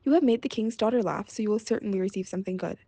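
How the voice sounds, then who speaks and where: A woman voicing a cheeky, grasping soldier on gate duty in a read-aloud fairy tale, coaxing and familiar, with a creaky edge. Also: medium pitch, rapid-fire, heavy background noise, close to an everyday voice.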